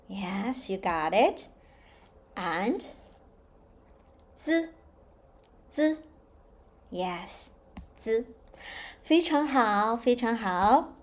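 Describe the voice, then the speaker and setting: A woman teaching a slow, patient language lesson, repeating each sound clearly for learners. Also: on the high side. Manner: drawn-out, repeated model pronunciations. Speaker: Chinese teacher.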